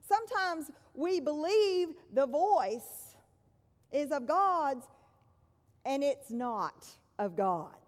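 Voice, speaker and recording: Slow, high-voiced woman preaching in a hall. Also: big pitch swings. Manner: measured, dropping to soft hushed tones for emphasis. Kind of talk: sermon. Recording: long reverb in a large hall.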